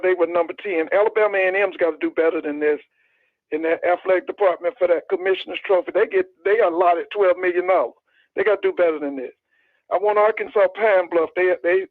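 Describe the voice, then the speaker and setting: High-voiced man calling in by phone. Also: no echo. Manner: emphatic, repeats points insistently. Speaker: caller. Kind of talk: call-in radio commentary. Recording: tinny phone line.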